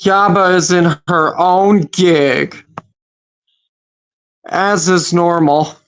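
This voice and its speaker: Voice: mid-range voice, steady tone, extremely slow, smooth. A recap host giving casual commentary, agreeable and chiming in with hesitant fillers.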